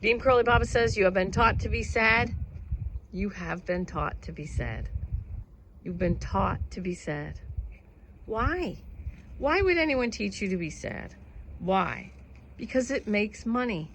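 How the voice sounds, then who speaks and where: A woman vlogger outdoors at home with her animals muses to camera about happiness and freedom, rambling earnestly and laughing between thoughts. Her mid-range voice is expressive and a little slow. The recording is low quality with slight background noise.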